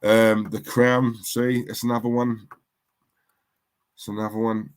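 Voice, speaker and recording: A man's voice: lowish voice, level tone, measured pace, clear, resonant tone. Chatty man hosting a livestream. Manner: chatty, rambling, repeats himself. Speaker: livestream host. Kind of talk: casual live-stream chat, reading viewer comments.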